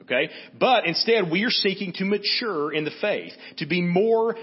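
A man's voice: sits high, moderate pace, slightly rough, muffled recording. A man preaching a sermon as pastor, talking to the congregation in a conversational way and often checking in with "right?". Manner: conversational, frequent "right?" asides.

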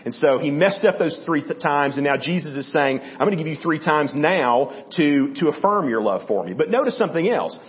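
A man's voice: fairly high pitch, lively intonation, a little fast, hardly any pauses. Man teaching scripture, lo-fi. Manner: checks in often with "okay?" and "right?"; conversational, with restarts and fillers. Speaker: church teacher. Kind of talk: Bible teaching.

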